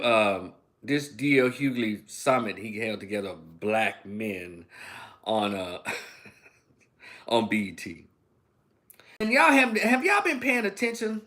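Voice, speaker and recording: A man's voice: mid-range voice, sharp tone. A man hosting a livestream commentary monologue, preaching emphatically and firing off rhetorical questions. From Memphis, USA. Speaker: online political commentator.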